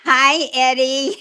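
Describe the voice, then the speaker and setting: An older woman speaking slowly, with a slightly high voice, over a video-call microphone. She giggles often and greets people warmly. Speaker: guest, former child actress. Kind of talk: casual interview chat.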